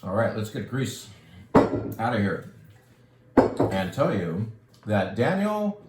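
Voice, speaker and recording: A man's voice: lowish voice, very animated, slow, reverberant, over loud music. A man from California, hosting a wine shop video in a casual, enthusiastic, rambling way. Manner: enthusiastic, rambling, jokey asides. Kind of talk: casual product talk and wine tutorial.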